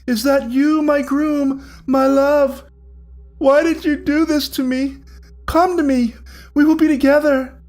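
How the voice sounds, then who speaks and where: Male narrator voicing a corpse bride: strained, melodious, full of loss, pitched high. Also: level tone, slow, darkish tone. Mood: pleading. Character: wailing ghostly corpse bride, grief-stricken and vengeful.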